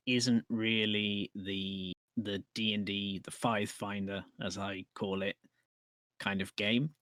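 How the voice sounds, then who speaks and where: A man's voice: mid-range voice, a bit bright, dry recording. A man co-hosting a podcast in casual chat about tabletop games, explaining thoughtfully with restarts. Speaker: podcast co-host.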